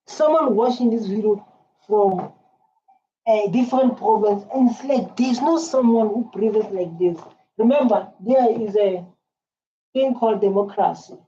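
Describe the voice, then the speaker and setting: A South African woman giving excited, repetitive commentary as a reaction video host, halting with fillers. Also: medium pitch, slightly rough. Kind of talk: casual commentary. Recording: dull lo-fi sound with faint ambience.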